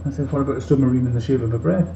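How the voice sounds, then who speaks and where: A tipsy male robot leader rambles quickly and earnestly, drifting from one tangent to the next, as a man puts him on. His voice is very dark and heavy. The recording sounds muffled and roomy, with a faint hiss behind it. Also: mid-range voice, vocal fry, natural voice. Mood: tipsy rambling. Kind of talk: comic monologue in character.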